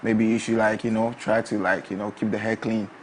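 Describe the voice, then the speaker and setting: A young man, a barber answering interview questions softly and hesitantly, with many fillers. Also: lowish voice, little pitch movement, a little fast, slight background noise, poor audio. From Ghana. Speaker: guest barber.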